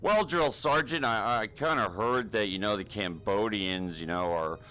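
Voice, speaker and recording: A man's voice: lowish voice, moderate pace, pushed and bright, low-quality recording. A man playing a timid, whiny recruit in a comedy spoof, stammering and pleading nervously.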